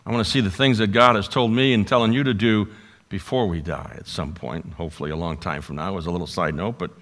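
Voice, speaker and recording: A man preaching a sermon, swinging between loud emphasis and quiet asides. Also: low voice, steady tone, fast talker. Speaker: pastor.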